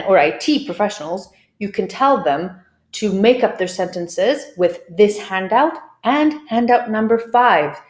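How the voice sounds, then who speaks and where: A woman teaching English pronunciation, explaining clearly and drilling words by repeating them. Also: medium pitch. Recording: roomy echo.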